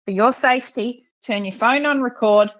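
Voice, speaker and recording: Australian woman, podcast co-host, blunt and animated storyteller with a salty mouth; slightly muffled recording. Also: a little high, normal speed, no echo. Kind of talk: casual chat. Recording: slightly dull lo-fi audio.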